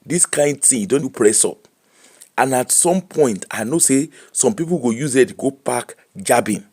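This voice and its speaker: Brief: middle-aged nigerian man, pidgin accent, chatty livestream host, animated, laughs easily. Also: medium pitch, normal speed, husky. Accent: Nigerian Pidgin English. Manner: animated, laughing, switching between Pidgin and English. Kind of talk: casual live-stream chat.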